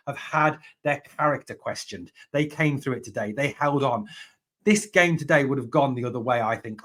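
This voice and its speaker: A man's voice: medium pitch, fairly bright tone. A man hosting a fan channel, giving a passionate solo reaction to a football match, repeating points for emphasis.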